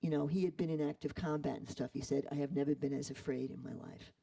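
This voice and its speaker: A man retelling a story in an animated way, acting out the quoted voices. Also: a little high, fast, vocal fry, recorded from a distance, low-quality recording. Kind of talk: storytelling talk.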